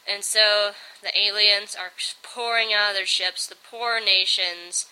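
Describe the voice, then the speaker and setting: A woman's voice: medium pitch, fairly even intonation, unhurried, bright, forceful tone, clear, resonant tone, low-quality recording. A young woman giving a casual, bubbly review, rambling and filling her talk with "like". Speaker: video reviewer.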